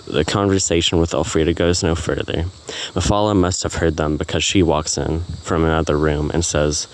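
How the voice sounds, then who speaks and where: A man narrating a story he wrote, reading in an even, unhurried way. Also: extremely low pitch, slight background noise. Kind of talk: reading a self-written story.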